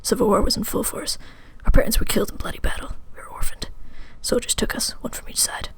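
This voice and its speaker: A woman voicing a solemn orphaned Civil War storyteller, in a hushed, dramatic whispered role-play. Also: a little high, fast, breathy edge.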